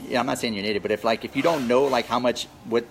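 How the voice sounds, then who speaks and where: A man's voice: mid-range voice, very fast, vocal fry, soft background music, rough recording. A man coaching real estate wholesalers in a live Q&A, talking energetically and repeating his key points for emphasis. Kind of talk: live Q&A with viewers.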